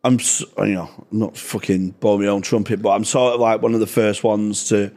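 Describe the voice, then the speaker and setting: A man's voice: on the low side, a little fast. Blunt, sweary man. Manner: sweary, blunt, animated storytelling. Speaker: stand-up comedian guest. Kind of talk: casual podcast chat.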